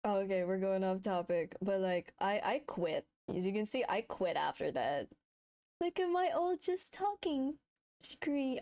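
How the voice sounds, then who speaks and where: A woman's voice: medium pitch, animated, slow pace. A woman streamer chatting casually and giggling at her own old footage, self-mocking and full of exclamations. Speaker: VTuber streamer.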